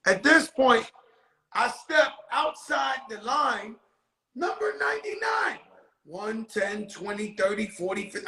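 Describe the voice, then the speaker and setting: Male storyteller, unhurried and profane, with shouted peaks and a high pitch. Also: reverberant, rough recording. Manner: animated, profane, bursts of shouting. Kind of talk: storytelling anecdote.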